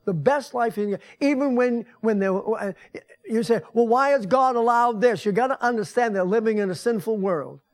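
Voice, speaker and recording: Older man, pastor, high-pitched, folksy conversational sermon in a church, building to strong emphasis. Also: moderate pace. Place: church sanctuary.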